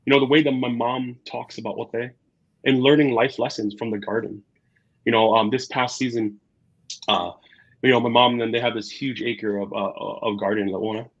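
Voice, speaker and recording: A man with a slightly husky voice, talking as a guest chef in a casual interview. He tells his stories with energy, jumps into the voices of the people he quotes and fills pauses with "like" and "you know." The recording is a bit dull and lo-fi. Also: mid-range voice. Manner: animated storyteller, acts out quotes, many fillers. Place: Twin Cities area.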